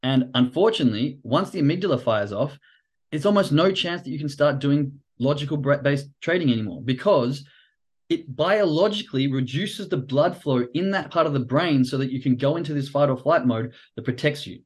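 Male livestream host and trading coach, casual and animated, swears freely, acts out reactions. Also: on the high side, a little fast, slightly rough. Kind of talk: livestream explainer talk.

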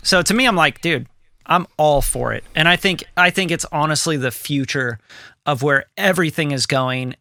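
Bright, lively podcast co-host man. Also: mid-range voice, clean tone, no echo, clean studio sound. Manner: animated, swearing, quotes people in put-on voices. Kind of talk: casual podcast chat. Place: home studio room.

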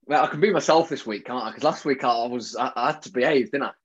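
A man's voice: medium pitch, quick pace, husky, muffled recording. A man co-hosting a podcast, chatting in a teasing, jokey way and often talking over his co-host. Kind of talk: casual banter.

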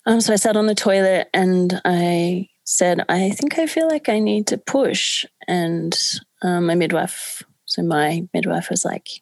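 A woman's voice: fairly low pitch, unhurried, gravelly, darkish tone, no echo. A woman candidly telling a personal story in casual chat, with many fillers. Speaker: podcast guest.

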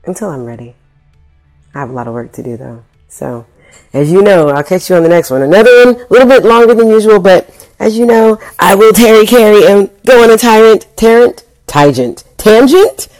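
A woman's voice: medium pitch, fairly quick, a little mellow, faint music behind. A woman vlogging, telling a story in a casual, slangy way with swearing and acted-out quotes.

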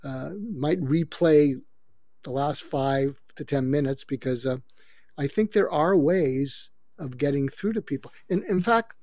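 A man's voice: fairly high pitch, a little slow, darkish tone, dry recording. An older man, a guest expert, explaining how to handle conflict in a coaching, advice-giving way. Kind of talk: advice-giving interview talk.

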